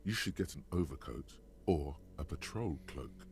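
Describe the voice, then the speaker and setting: An actor voicing a brooding male narrator in a video game, speaking in a deep, gravelly voice. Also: expressive, moderate pace, slight background noise, full character voice.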